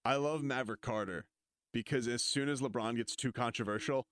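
A man's voice: medium pitch, fairly quick, fairly bright tone. A man hosting a casual sports chat, riffing and joking with his co-hosts. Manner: riffing, joking, slips into impressions. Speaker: podcast host.

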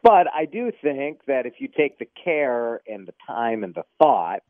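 A man who works as a TV news anchor, a guest on a radio chat show, who speaks in an animated, opinionated way and is quick to joke. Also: medium pitch, dry recording, narrow, tinny audio.

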